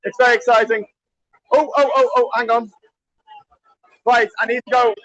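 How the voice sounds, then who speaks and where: A man live streaming at a crowded party, cheering, shouting greetings and chatting excitedly, getting hoarse. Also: very high voice, normal speed, no echo, highs cut off. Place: crowded indoor party venue.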